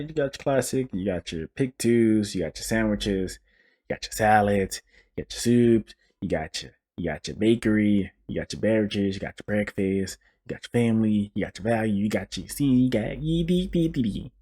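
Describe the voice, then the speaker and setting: A young man hosts his own podcast, his voice low-pitched and a touch husky. He rants in an animated, joking way, swearing freely and stumbling through restarts. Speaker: podcast host. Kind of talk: casual solo podcast rant.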